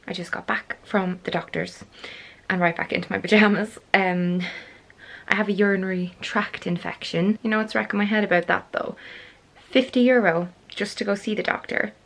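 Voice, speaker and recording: A woman's voice: medium pitch, steady tone, normal speed, creaky, fairly bright tone. Chatty Irish woman vlogging. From Ireland. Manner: chatty and self-mocking. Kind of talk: casual vlog chat.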